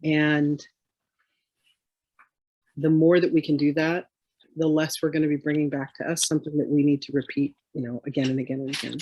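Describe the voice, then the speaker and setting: A woman's voice: low-pitched, level tone, normal speed, pauses often, warm tone, dry recording, muffled recording. A woman spiritual teacher in a casual chat, telling rambling, chatty stories.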